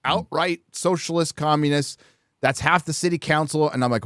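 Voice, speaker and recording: A man's voice: on the high side, normal speed, a bit bright, dry recording, clean studio sound. A man hosting a live talk show, speaking bluntly and profanely in casual political conversation. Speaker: host.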